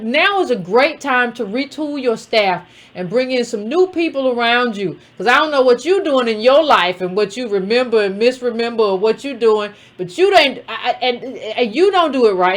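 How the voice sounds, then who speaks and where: A woman hosting a casual political talk show, speaking bluntly and calling her viewers "fam". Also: sits high. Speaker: political commentary host.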